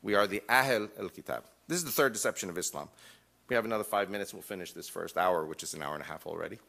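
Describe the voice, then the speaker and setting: A man's voice: sits low, fast, gravelly, sharp tone. A man giving an emphatic lecture to a live audience, mixing wry jokes into his points.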